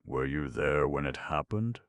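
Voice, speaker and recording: A man's voice: a bass voice, animated, unhurried, no echo, full character voice. A man voicing a majestic, venerable old stag who asks grave questions in a storybook reading. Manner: grave, probing.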